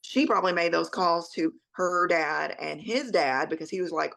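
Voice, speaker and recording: A woman's voice: fairly low pitch, moderate pace, gravelly, a bit bright. A woman in her thirties co-hosting a podcast, chatting bluntly and profanely, laughing often. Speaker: podcast co-host. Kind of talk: casual true-crime chat.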